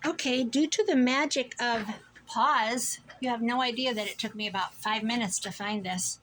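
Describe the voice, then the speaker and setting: A woman's voice: fairly high pitch, normal speed, fairly bright tone, slight background noise, poor audio. Gushing, chatty middle-aged woman. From Iowa, USA. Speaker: thrift vlogger. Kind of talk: casual chat to camera. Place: home room.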